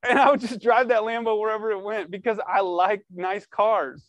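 A man preaching earnestly to a youth group, animated and casual, reading scripture and pleading with his listeners. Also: high voice, normal speed, no echo, highs cut off. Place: church room.

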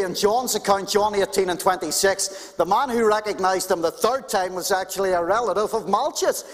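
A man preaching a sermon as a pastor, animated and conversational with touches of humor, in a church. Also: high-pitched. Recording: long hall reverb.

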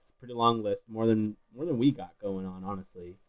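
A man's voice: fairly low pitch, fast talker. Man explaining from notes, dull lo-fi sound. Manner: informative, reading from notes. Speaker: podcast co-host. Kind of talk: casual chat.

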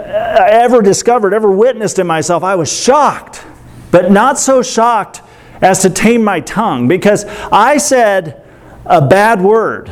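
A middle-aged male pastor giving a sermon, telling a story with animated, self-deprecating humor. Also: high-pitched.

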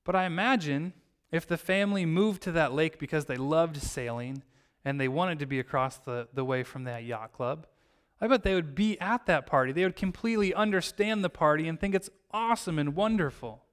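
Clear-voiced pastor telling a story. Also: male voice, on the high side, moderate pace. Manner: storytelling, acts out the characters' lines with lively shifts. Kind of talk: sermon.

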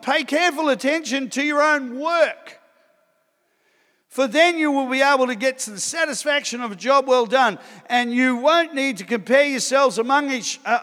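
Man, pastor, preaching, high voice, emphatic then hushed, long hall echo. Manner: preaching with rising emphatic bursts and quiet asides. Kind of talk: sermon.

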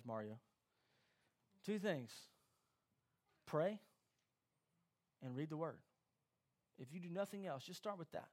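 A man preaching a sermon as pastor, animated and acting out quoted voices. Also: fairly high pitch.

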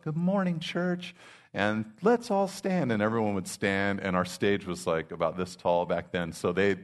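Deep-voiced man preaching conversationally. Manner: casual, heavy use of "you know", animated acted-out asides. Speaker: pastor. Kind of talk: conversational sermon.

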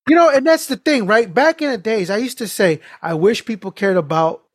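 A man on a casual podcast, telling animated stories with lots of swearing and laughter. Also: high voice, a little fast, no room sound, studio quality. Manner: animated storytelling, heavy swearing, frequent laughs. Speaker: podcast co-host.

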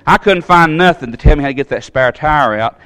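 Man, fairly high voice, folksy animated storytelling, sermon. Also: a little fast, clean tone. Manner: folksy, animated storytelling with big pitch jumps.

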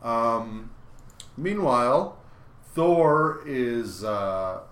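A man co-hosting a casual comic book podcast, recapping issues in a halting way with many filler pauses. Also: medium pitch, lively intonation, a bit bright, echoey room.

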